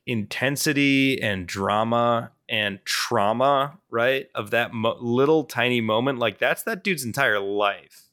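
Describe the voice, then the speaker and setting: A young man tells a story on a casual podcast, his voice bright and forward. He talks in an animated way, piles up fillers and swears freely. The recording is dry and close. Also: medium pitch, clean tone, no room sound. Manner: animated and profane, with frequent fillers. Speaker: podcast co-host.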